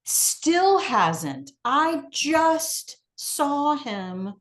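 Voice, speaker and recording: A woman's voice: high voice, sing-song, extremely slow. Woman guest author, candid and reflective, dry humor, casual. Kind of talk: casual chat.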